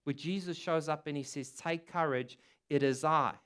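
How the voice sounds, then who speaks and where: A man preaching a sermon, earnest and emphatic, repeating key phrases and quoting scripture in a warm encouraging way. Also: fairly high pitch, normal speed, clear, resonant tone. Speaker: pastor.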